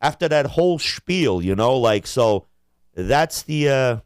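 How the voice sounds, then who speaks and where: A man's voice: medium pitch, big pitch swings, takes it slowly, clear, resonant tone, dry recording, studio quality. A man co-hosting a podcast, rambling through crude jokes and profane rants in casual chat. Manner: rambling, profane, jokey impressions. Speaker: podcast co-host.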